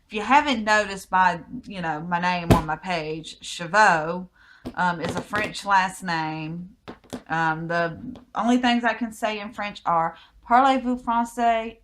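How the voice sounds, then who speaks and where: A woman's voice: on the low side, a bit bright. An American woman with a Southern accent, answering a list of personal questions in a casual vlog with easygoing, rambling replies. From United States. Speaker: vlogger.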